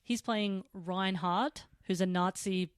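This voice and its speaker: A woman's voice: mid-range voice, steady tone, slow pace, clean tone, no room sound. A woman hosting a podcast, recapping a TV episode in casual chat, joking and swearing. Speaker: podcast host.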